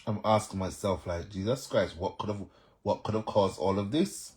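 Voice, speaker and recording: Jamaican man, young adult, low voice, animated livestream chat, talks back to viewer comments. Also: moderate pace. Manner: animated, reads out viewer comments and answers them. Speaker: live stream host. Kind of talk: casual live stream chat.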